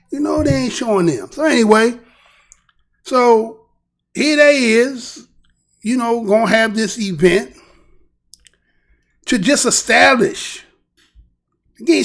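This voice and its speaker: A man's voice: extremely high pitch, creaky. A man hosting a casual commentary show, talking in a heated way and firing off repeated rhetorical questions.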